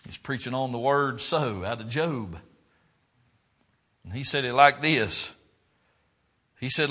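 A man preaching a sermon, swinging between loud, fervent exclaiming and quiet, low reflection. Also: expressive, unhurried, pauses often, slightly rough.

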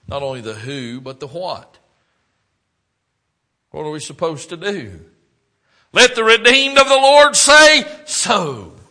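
A man preaching a sermon, swinging between loud, fervent exclaiming and quiet, low reflection. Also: breathy edge.

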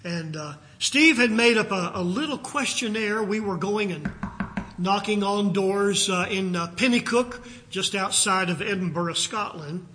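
An older American man preaching a sermon, reciting scripture with emphatic rises and telling a story with frequent pauses and fillers. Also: sits high, noisy background. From United States.

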